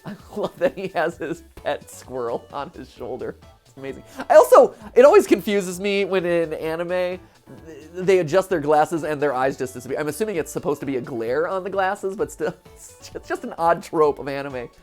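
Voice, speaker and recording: A woman hosting a gaming show, giving excitable let's-play commentary, with lots of laughs and restarts. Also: low-pitched, moderate pace, faint music behind.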